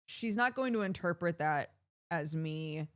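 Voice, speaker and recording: A woman streamer chatting casually to her viewers, telling stories animatedly with yelled bits and bursts of laughter. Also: on the low side, animated, a little slow, smooth. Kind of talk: casual chat.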